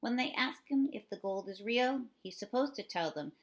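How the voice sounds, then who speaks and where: A woman reading a middle-grade novel aloud in an expressive storytelling way. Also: a little high, normal speed, low-quality recording. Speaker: reader.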